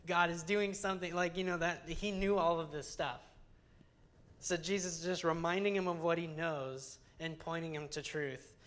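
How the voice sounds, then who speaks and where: Young adult preacher, conversational sermon, earnest, chatty, lots of restarts and fillers, mid-pitched voice. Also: steady tone, normal speed, fairly bright tone. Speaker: Bible teacher.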